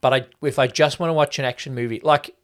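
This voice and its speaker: A man's voice: medium pitch, fairly even intonation, fast talker, a bit bright. Emphatic man in casual film chat. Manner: emphatic, swears, argues his point. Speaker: podcast co-host.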